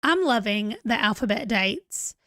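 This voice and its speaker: A woman's voice: on the high side, expressive, unhurried, fairly bright tone, no room sound. A woman in her forties hosting a casual livestream, chatty and rambling as she reads viewer comments aloud. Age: 40s. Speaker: book channel host.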